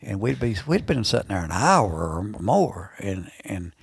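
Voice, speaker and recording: A man in his sixties with a thick Alabama Southern drawl and a deep, gravelly voice. He tells his stories in a rambling way, circling back and repeating himself as he goes. The recording is dry and close, with little room sound. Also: big pitch swings, a little slow, dry recording. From Alabama, USA. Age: 60s. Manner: rambling, repeats and restarts phrases. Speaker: guest, veteran turkey hunter. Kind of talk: casual storytelling in a podcast interview.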